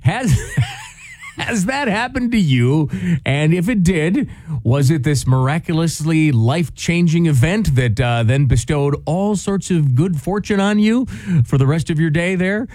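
A man's voice: on the high side, animated, unhurried, a little mellow, dry recording, clean studio sound. A man co-hosting a morning radio show, chatting casually and laughing easily. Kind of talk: casual talk radio chat.

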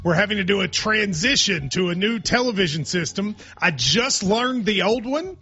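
Bright high-voiced man hosting. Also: animated, moderate pace, breathy edge. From Kentucky. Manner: joking, rambling asides. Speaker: sports talk show host. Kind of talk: casual sports talk. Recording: slightly muffled audio.

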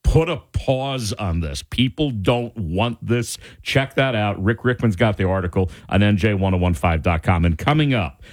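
Animated male radio talk host. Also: lowish voice, moderate pace, few pauses. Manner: animated, indignant ranting. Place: radio studio.

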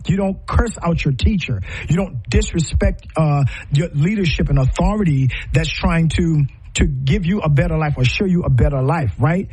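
A man's voice: on the high side, a little mellow, breathy edge, low-quality recording. A man hosting a podcast, giving impassioned commentary in a preacher-like cadence full of rhetorical questions and repetition. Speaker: podcast host.

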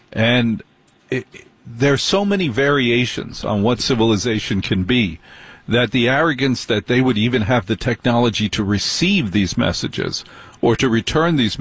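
A man hosting a radio talk show, musing and speculating in an unhurried way. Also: medium pitch, breathy edge, dry recording.

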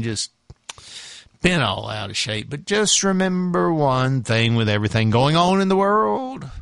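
A man's voice: medium pitch, fairly bright tone, no room sound, studio quality. A man with a Southern accent hosting a morning radio show in a folksy, rambling chat. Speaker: radio host.

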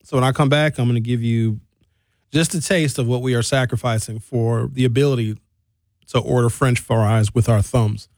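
Speaking at a moderate pace in a mid-range voice, a forties-aged radio host delivers a lively comic monologue, voicing characters in quotes. The studio microphone recording has no room sound.

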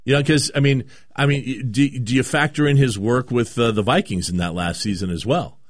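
A man talks sports on the radio in a loose, rambling way, stopping and restarting his thoughts. His voice sits at a middling pitch and sounds dry and close to the mic. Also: moderate pace, no echo. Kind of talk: casual sports talk.

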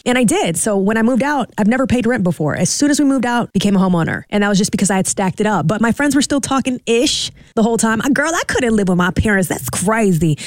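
A woman co-hosting a nightly radio talk show, chatting casually and telling stories with animated quoted voices. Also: on the high side, quick pace, few pauses, no room sound.

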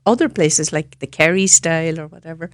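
A woman's voice: sits low, brisk, no echo, studio quality. A woman from County Donegal with an Irish accent, a musician guest in a radio interview. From County Donegal, Ireland. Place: radio studio.

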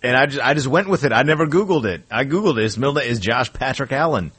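A man who is the show's producer, cutting in with a self-mocking, rushed confession, his voice a bit husky. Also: mid-range voice, expressive, a bit bright, no room sound. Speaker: radio producer. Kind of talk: sports talk radio.

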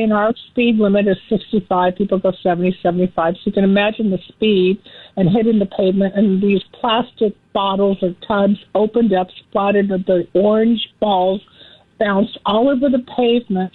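A woman's voice: medium pitch, steady tone, moderate pace, no echo. Woman from LA, phone-in guest, chatty and giggly; dry, phone-quality sound. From Los Angeles area. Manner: chatty, laughs at her own stories. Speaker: guest commentator. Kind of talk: casual phone-in chat. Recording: tinny phone line.

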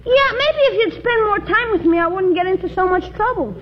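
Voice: animated, fairly quick, muffled recording. A performer voicing a cheeky schoolboy nephew who wisecracks and makes excuses, in 1940s radio comedy acting on an old broadcast. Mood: wheedling. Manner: wisecracking, excuse-making, high boyish voice.

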